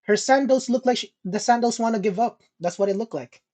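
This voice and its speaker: His voice is extremely high-pitched and brisk. A young podcast co-host, he's telling a story in casual conversation, animated and laughing, with plenty of swearing.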